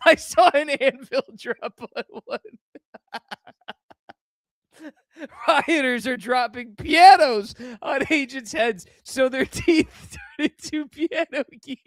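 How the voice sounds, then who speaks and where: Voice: sits high, slow, no room sound, studio quality. Giggling streamer reading posts aloud. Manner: breaks into frequent laughter while reading posts aloud; slangy and loose, says dude and man. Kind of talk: casual reaction commentary.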